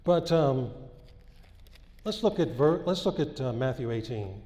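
A man's voice: medium pitch, animated, unhurried, mellow. A man preaching a sermon and reading scripture with fervor, repeating phrases and rising in bursts. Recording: echoey hall.

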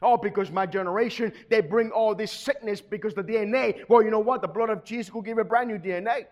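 A middle-aged man preaching a sermon, swinging between quiet, steady teaching and sudden loud, shouted bursts. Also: high voice, quick pace. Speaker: pastor.

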